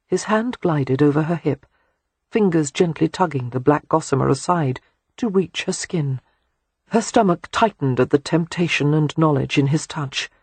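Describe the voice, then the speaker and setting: An audiobook narrator with a breathy, husky tone reads romance prose in a soft, intimate, even way. The sound is close and dry, with no room around it. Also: mid-range voice, moderate pace, dry recording.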